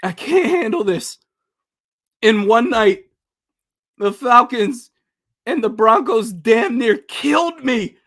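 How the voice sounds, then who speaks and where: A man hosting a casual livestream, speaking in an unhurried drawl with a bright, ringing tone that sits a little high. His pitch swings widely as he exclaims in disbelief and breaks into fits of laughter. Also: expressive. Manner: bursts of laughter, incredulous and exclaiming. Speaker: livestream host.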